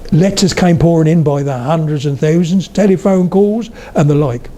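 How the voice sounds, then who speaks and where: A man's voice: on the high side, mellow, slight background noise. An older man giving a public lecture, telling humorous anecdotes as he goes. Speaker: speaker on the history of spoken English.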